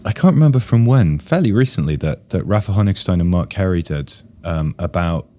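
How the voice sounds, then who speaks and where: A man with a very low, mellow voice offers measured, analytical points on a casual podcast. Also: animated. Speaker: podcast co-host.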